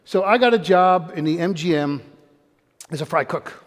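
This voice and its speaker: Older guy, pretty high voice, pumped-up motivational talk, keeps quizzing the crowd, echoey hall. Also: normal speed. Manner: energetic, quizzes and calls out to the audience. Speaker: motivational speaker. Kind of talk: live motivational talk to an audience. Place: room with an audience. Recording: long hall reverb.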